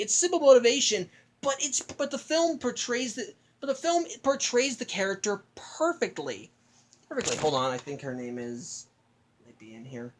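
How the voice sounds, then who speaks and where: A woman's voice: on the high side, lively intonation, normal speed. A woman giving a casual, rambling, enthusiastic film review with many restarts.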